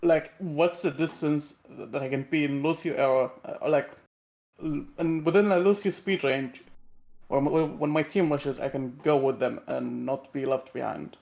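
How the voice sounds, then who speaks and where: A man on a voice call asking his coach a question, halting with fillers and restarts. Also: on the high side, gravelly, a little mellow. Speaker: student player on a call.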